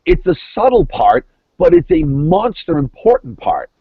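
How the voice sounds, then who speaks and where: A man's voice: on the high side, big pitch swings, moderate pace, slightly rough, dry recording. A middle-aged man, a former reality show contestant, chatting as a podcast guest over the phone in an emphatic way, often repeating words. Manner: emphatic, repeats words while building points. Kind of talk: casual podcast chat. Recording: tinny dry phone line.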